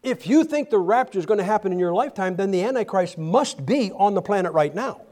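A male preacher delivering a humorous, animated sermon, often restarting his sentences. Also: sits high, fairly quick.

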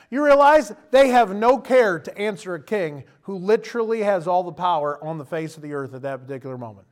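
A man preaching a sermon, animated and emphatic, putting direct questions to his listeners. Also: high-pitched, brisk, few pauses. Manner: animated, emphatic, rises to loud bursts.

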